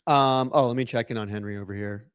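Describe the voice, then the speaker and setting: A man's voice: mid-range voice, fairly even intonation, quick pace, clean tone. A young man hosting a casual livestream, joking and rambling as he reacts to chat messages and donations. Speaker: livestream host.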